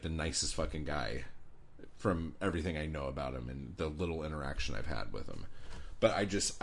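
A man hosting a podcast, delivering an angry, profane, sarcastic rant. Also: extremely low pitch. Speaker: podcast host.

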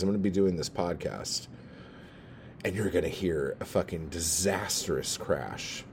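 A man's voice: sits low, unhurried, noisy background. A man hosting a podcast alone, sarcastic and swearing constantly as he rambles. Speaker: podcast host. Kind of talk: sarcastic profane podcast monologue.

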